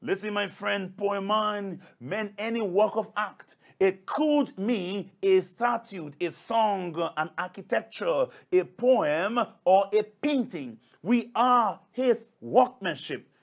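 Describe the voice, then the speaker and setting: A male pastor preaches a sermon, calling his listeners brothers and sisters and repeating key phrases emphatically. His voice is high-pitched, and he speaks at a slow pace with few pauses.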